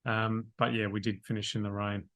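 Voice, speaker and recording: A man co-hosting a running podcast in casual chat, relaxed and dry-humoured. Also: lowish voice, brisk. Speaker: podcast co-host, runner.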